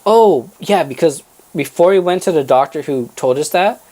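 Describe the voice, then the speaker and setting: A man's voice: a little high, moderate pace. A young man on a casual podcast, telling a family story with lots of swearing and laughter and acting out relatives' voices. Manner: animated, acts out family members' voices, swears freely, laughs mid-story. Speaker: podcast co-host.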